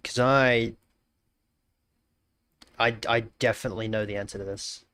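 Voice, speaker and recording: A man's voice: mid-range voice, fairly even intonation, unhurried, pushed and bright, smooth. An Australian man live-streaming, casually greeting chatters and thinking aloud while he works, often repeating his phrases.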